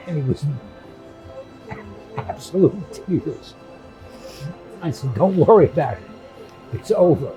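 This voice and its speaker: A man's voice: fairly high pitch, expressive, unhurried, long pauses, dark tone, soft background music. A man in his seventies, a documentary subject who chats through stories, often restarts his sentences, and acts out the people he quotes. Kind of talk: candid interview storytelling.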